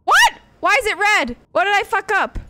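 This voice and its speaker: A woman streamer with a very high, sing-song voice talks at a moderate pace over a very noisy recording. Her let's-play commentary is nervous and jumpy, full of swearing and gasps at every scare.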